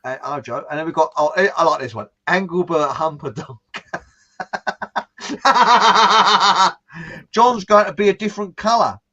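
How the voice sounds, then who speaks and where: A man's voice: high voice, measured pace, pauses often, sharp tone, dull audio. A man from England hosting a casual online chat, joking and reading out viewers' names. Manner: chatty, jokey, reads out viewer names. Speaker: host.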